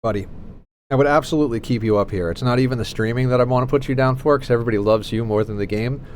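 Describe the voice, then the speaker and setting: A man's voice: mid-range voice, rapid-fire, a little hiss or hum. Chatty man streaming to his chat. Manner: doting, playful baby talk to his cat; animated storyteller. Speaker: game streamer. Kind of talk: casual live-stream chat.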